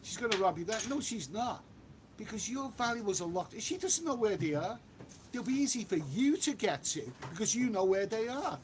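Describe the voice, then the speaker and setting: Chatty man, high voice. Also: sing-song, normal speed, background noise. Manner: chatty, repeats himself, reads comments aloud. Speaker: travel vlogger reading live chat. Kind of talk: casual live-stream chat. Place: outdoors on a walk.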